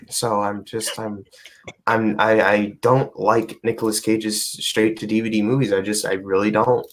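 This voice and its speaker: A man's voice: lowish voice, flat delivery, unhurried. A young man in a casual movie preview chat, ranting in exasperation with stumbling restarts and heavy swearing. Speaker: podcast co-host.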